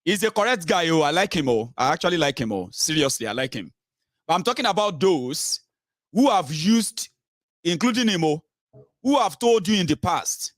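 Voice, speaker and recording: A Nigerian-accented man talks through a political monologue with sarcasm and lively swings of pitch. His voice is a little high for a man and sounds close and dry. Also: normal speed, no echo. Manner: animated, mixes in pidgin, sarcastic. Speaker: commentator.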